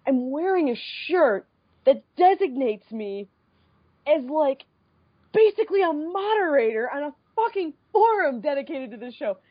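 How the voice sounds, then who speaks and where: A woman in her twenties from the Midwest, co-hosting a podcast and telling a story in a casual, animated way with frequent swearing. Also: sits high, normal speed, highs cut off. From American Midwest. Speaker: podcast co-host.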